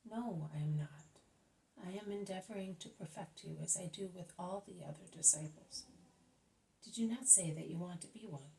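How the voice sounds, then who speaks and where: A woman's voice: lowish voice, normal speed, gravelly, warm tone, slight background noise. A woman voicing a worried adult man who questions anxiously and pleads, read as part of a storybook. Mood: pleading. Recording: voice slightly distant from mic.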